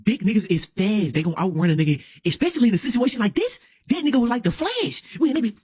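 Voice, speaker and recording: A young man rattles through a comic story time at speed, his pitch leaping up and down as he acts out every beat. His voice is high and a little husky, and he keeps checking in with "you hear me?". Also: fast, few pauses. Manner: excitable, dramatic, repeats "you hear me", slangy. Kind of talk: animated comedic story time.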